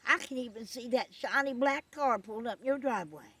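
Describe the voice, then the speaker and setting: A woman doing a gawking excitable country man. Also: fairly high pitch, a little fast, slightly rough, dry recording, voice pushed up. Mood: amazed.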